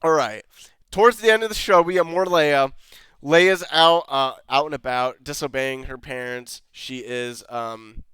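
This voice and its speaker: A man's voice: mid-range voice, measured pace, fairly bright tone, smooth, dry recording. A man ranting sarcastically in a show review, exasperated and swearing often. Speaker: video reviewer.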